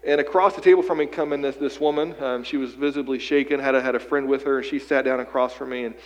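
A man's voice: medium pitch, steady tone, fast talker, big-room sound, rough recording. A man preaching a sermon from western Pennsylvania, telling a personal story in a conversational way and often repeating his words as he goes. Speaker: pastor.

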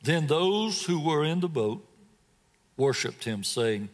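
High-voiced, slow-paced man preaching a sermon. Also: big pitch swings, in a large hall. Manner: dramatic storytelling with acted scripture quotes; asks the congregation direct questions. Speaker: guest preacher.

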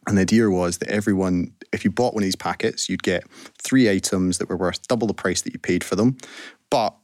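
Deep-voiced chatty man telling a story. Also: fairly quick, darkish tone, no room sound, studio quality. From Scotland. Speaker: guest entrepreneur. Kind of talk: casual radio interview.

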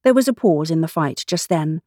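A woman reads a storybook aloud with lively, rising and falling delivery. The sound is close and dry, with no room around her. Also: deep voice, fairly quick, no echo. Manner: expressive, animated. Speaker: volunteer reader. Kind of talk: storybook reading.

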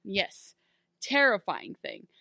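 A woman co-hosting a casual podcast, recapping a TV episode and acting out the characters' lines in quick animated bursts. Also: mid-range voice, no room sound, studio quality. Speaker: podcast co-host. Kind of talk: casual recap chat about a TV show.

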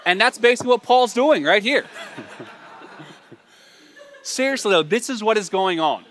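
A man, a pastor, preaching a sermon in a lively, joking, conversational way. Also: sits high, unhurried. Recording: long reverb in a large hall.

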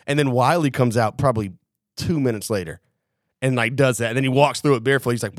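A man's voice: mid-range voice, fast talker, no room sound, clean studio sound. A man on a podcast telling a rowdy story in casual chat, swearing freely and acting out what others said. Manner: animated, profane, acts out quotes. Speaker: podcast co-host.

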